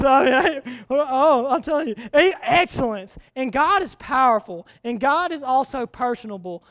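High-voiced young preacher man. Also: normal speed, few pauses, no echo. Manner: animated storytelling, repeats key words for emphasis. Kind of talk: sermon.

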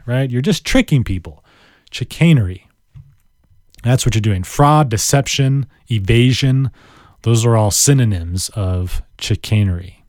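A man leads a laid-back vocabulary lesson, lingering playfully over each word and tossing in self-mocking asides. His pitch leaps up and down with lively energy. The sound is dry and close, with no room around it. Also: dry recording. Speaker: podcast host.

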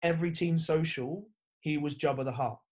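This young Englishman's voice is on the high side, a little mellow with a breathy edge, at normal speed. Formerly a rugby player, he's a podcast guest in casual chat, telling laid-back stories full of fillers and swearing.

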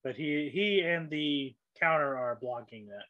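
Male game master, high voice, dry close sound, relaxed deadpan narration. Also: measured pace, no echo, muffled recording.

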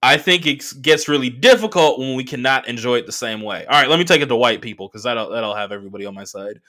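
A man from the Bay Area hosting a solo podcast, telling stories in a loose, profane, animated way and laughing often. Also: mid-range voice, fast talker. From San Francisco Bay Area. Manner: animated, profane storytelling with mocking voices and laughs. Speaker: podcast host. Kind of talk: casual solo podcast monologue, storytelling.

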